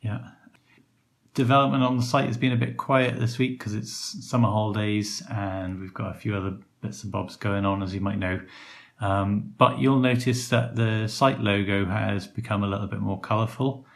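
A man with a low, gravelly voice hosts a podcast. He chats in a relaxed, rambling way and fills pauses with ums. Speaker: podcast host. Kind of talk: casual podcast chat.

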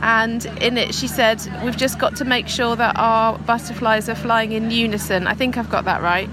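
A woman's voice: fairly high pitch, fairly even intonation, moderate pace. Giggly woman outdoors. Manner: giggly, chatty. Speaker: podcast co-host. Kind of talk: casual chat. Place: outdoors by a road. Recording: outdoor crowd and noise.

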